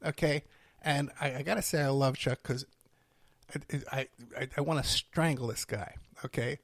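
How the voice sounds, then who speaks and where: A middle-aged man, hosting a podcast and telling stories in a rambling, animated monologue. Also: mid-range voice, normal speed, no room sound, clean studio sound. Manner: rambling, animated storytelling with laughs and asides. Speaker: podcast host.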